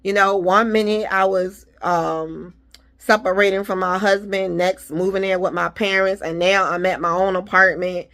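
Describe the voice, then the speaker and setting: A woman's voice: mid-range voice, fairly even intonation, normal speed, fairly bright tone. A woman talking casually to her viewers, giving faith-filled encouragement and repeating her reassurances. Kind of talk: casual motivational talk.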